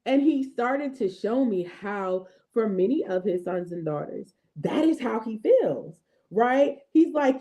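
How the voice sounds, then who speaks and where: A woman in her thirties hosting a faith talk, speaking to viewers in a lively, chatty way and often checking in with "right?" and "okay?". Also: fairly high pitch, unhurried. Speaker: host of a faith affirmation show. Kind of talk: casual devotional talk.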